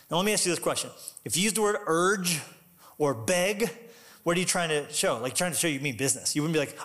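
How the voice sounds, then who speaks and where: A male pastor giving a conversational, animated sermon with loud, emphatic bursts. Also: a little high, fast.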